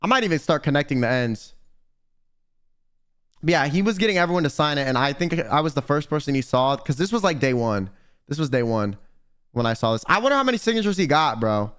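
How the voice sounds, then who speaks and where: A young man streaming, telling stories in casual, profane, animated chat. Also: fairly high pitch, a little fast, clean tone.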